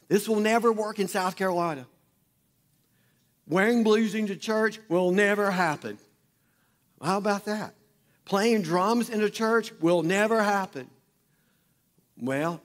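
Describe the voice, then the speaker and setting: Pastor preaching with lively storytelling. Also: male voice, a little high. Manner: storytelling, animated quoted voices, emphatic repetition. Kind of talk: sermon. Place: church auditorium before a congregation.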